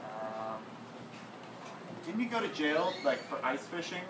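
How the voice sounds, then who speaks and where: A man's voice: a little high, big pitch swings, measured pace. A man improvising a comedy scene on stage, tossing out offhand quips and short replies. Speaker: improv performer. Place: small comedy theatre stage. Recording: roomy stage sound from far off with noise.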